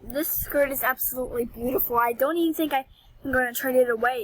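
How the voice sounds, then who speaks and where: A woman giving excitable, dramatic gameplay commentary as a gaming vlogger, squealing and whining over items. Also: sits high, normal speed, breathy edge, no room sound, rough recording.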